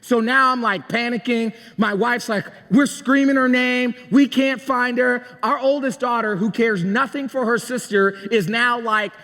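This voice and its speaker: A man's voice: extremely high pitch, normal speed, pushed and bright, big-room sound. A man preaching a sermon as a pastor, telling a story in a chatty, conversational way and asking the congregation questions. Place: church sanctuary.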